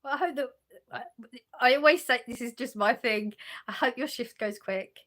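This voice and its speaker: Relaxing on her sofa at home, a livestream host reads and responds to chat messages, often laughing and starting her sentences over. Her voice is fairly high and a little bright, at an ordinary speed.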